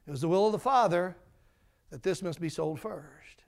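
A firm male auctioneer, as a pastor acts him out in a sermon story, calling for bids quickly and insistently. The voice sits fairly high and has a gravelly, creaky grain. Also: a little mellow.

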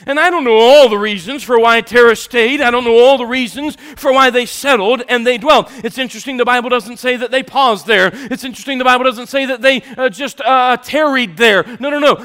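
A male preacher delivering an emphatic sermon to a congregation, dropping from loud declarations to hushed asides. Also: extremely high pitch, clean tone. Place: church sanctuary with congregation.

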